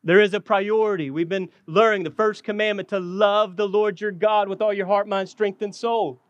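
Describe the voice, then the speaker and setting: A man preaching a sermon with passion, often dropping low and slowing down to stress his words. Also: steady tone, no echo, muffled recording. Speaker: pastor.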